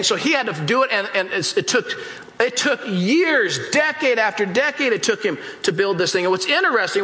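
A pastor giving a casual, animated sermon, acting out scenes from the Bible in different voices. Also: male voice, very high voice, reverberant, rough recording.

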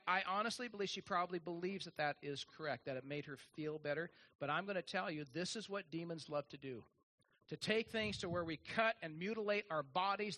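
A man's voice: high-pitched, bright, forceful tone. A man preaching a sermon, folksy and joking, with many restarts and fillers. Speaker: pastor.

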